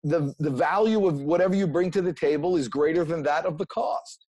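A man being interviewed, giving energetic, preachy motivational advice in casual talk. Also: on the high side, fairly quick. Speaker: interview guest, sales motivator.

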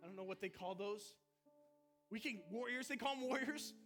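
A man's voice: high-pitched, normal speed, fairly bright tone, faint music behind. A man preaching a fiery sermon in a church. He repeats his calls again and again and rouses the congregation. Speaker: pastor. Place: church sanctuary.

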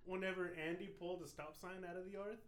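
Brief: male co-host, high voice, excited and swearing, group laughter around him. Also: fast talker, over a noisy crowd. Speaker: podcast co-host. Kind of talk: casual chat.

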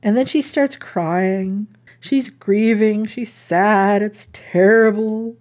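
A woman's voice: medium pitch, fairly even intonation, slow, a little mellow. A woman hosting a casual chat, retelling a story in an irreverent, giggly way with swearing. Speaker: podcast host.

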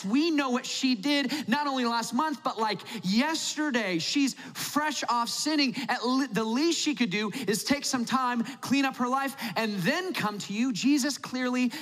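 A man's voice: sits high, sharp tone. A man voicing a smug, self-important Pharisee host who talks in a pushy, chummy way. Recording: long hall reverb.

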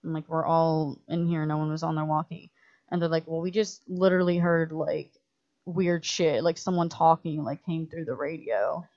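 Woman director as podcast guest, low-ish voice, animated and swearing, dull lo-fi sound. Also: normal speed. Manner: animated, profane, full of "like" fillers, acts out others' lines. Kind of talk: casual storytelling in a podcast chat. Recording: muffled lo-fi audio.

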